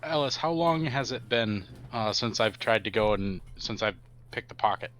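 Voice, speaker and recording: A man's voice: lowish voice, expressive, normal speed, fairly bright tone. A man playing in a tabletop game, talking in a playful, eager way. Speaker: player.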